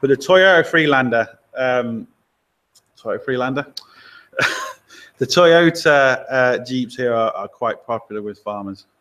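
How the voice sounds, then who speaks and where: A man's voice: medium pitch, lively intonation, a little slow, pauses often, a bit bright. A man, a garage owner chatting casually on a live stream, answering viewer questions with easygoing, blunt opinions and frequent laughs. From Lincoln, England.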